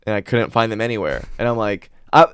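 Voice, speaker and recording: A man's voice: fairly low pitch, fast, a bit bright, clean tone, no echo, studio quality. A man hosting a podcast, telling stories in a loose, profane, laid-back way. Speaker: podcast host. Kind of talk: casual podcast chat.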